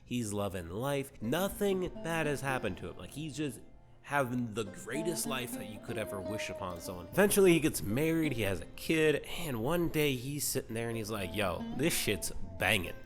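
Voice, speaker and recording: A man's voice: mid-range voice, sing-song, normal speed. A man telling a story comedically, in a rambling, profane, slangy way that is full of "right?". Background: guitar music.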